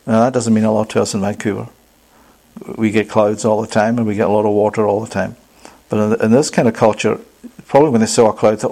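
A man's voice: on the low side, little pitch movement, moderate pace, vocal fry, pauses often, a little mellow. A man preaching a sermon, reading scripture aloud and pressing the congregation with emphatic questions. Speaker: pastor.

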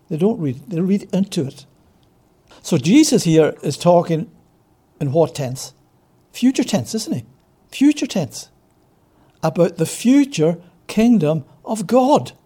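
A man teaching scripture as a preacher, with a mellow, somewhat high voice. He stretches words slowly to stress them. He fires off rhetorical questions and answers them himself. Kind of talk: expository Bible teaching.

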